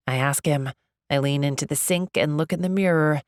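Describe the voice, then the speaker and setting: Casting: low-voiced woman, gravelly texture, comic first-person romance narration, dry booth. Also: normal speed, no echo. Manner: expressive, comic, confiding. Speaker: audiobook narrator.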